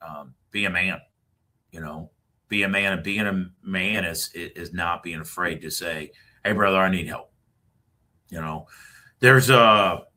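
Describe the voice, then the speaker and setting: A middle-aged man speaks as a podcast guest and tells his story in an emphatic way. His voice is on the low side and sounds bright and forceful. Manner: storytelling, emphatic closing message. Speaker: retired Marine officer guest. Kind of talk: podcast interview.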